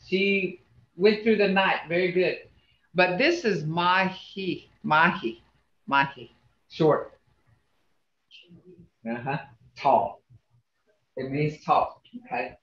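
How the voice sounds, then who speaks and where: A man teaching a language class over a video call, slowly repeating words to show how tone changes meaning. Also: high voice, a bit bright. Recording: roomy, dull video call audio.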